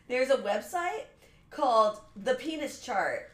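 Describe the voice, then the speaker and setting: A woman's voice: high-pitched, lively intonation, slow. A woman co-hosting a podcast, giving dry short reactions and reading out things she finds online. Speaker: podcast co-host. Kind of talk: casual chat. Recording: roomy echo.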